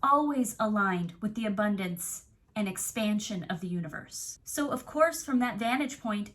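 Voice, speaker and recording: A woman's voice: fairly high pitch, lively intonation, a little slow, a bit bright. A young adult woman coach giving an earnest, reflective self-help talk straight to the viewer. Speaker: manifestation coach.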